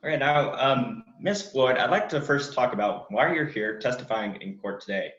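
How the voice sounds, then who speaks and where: A man's voice: mid-range voice, expressive, moderate pace, fairly bright tone. A man acting as counsel in a mock trial over a video call, speaking hesitantly with many fillers. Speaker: defense counsel. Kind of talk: courtroom cross-examination. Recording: roomy, dull video-call audio.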